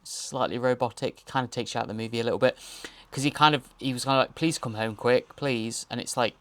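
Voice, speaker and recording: A man's voice: mid-range voice, fairly even intonation, quick pace, fairly bright tone, no echo. A man, the host, giving a rambling, jokey audio commentary while watching a TV episode.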